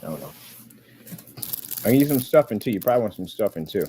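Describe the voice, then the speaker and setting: A man's voice: lowish voice, very animated, fast, warm tone, a little hiss or hum. A man vlogging casually from an office room, rambling and chatting to himself and his pet.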